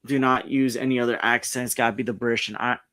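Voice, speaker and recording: Streamer host, New man, mid-pitched, chatty and rambling, restarts often. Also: fairly even intonation, quick pace, pushed and bright. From New York. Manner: rambling, frequent restarts and self-corrections. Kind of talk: casual pop culture commentary, reading articles aloud. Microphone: streaming setup mic.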